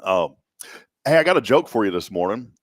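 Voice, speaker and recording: A man's voice: lowish voice, fairly quick, dry recording, studio quality. A man hosting a morning talk show, chatting casually and telling rambling, joking stories in a Texan accent. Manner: rambling, joking, animated storyteller. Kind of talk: casual chat.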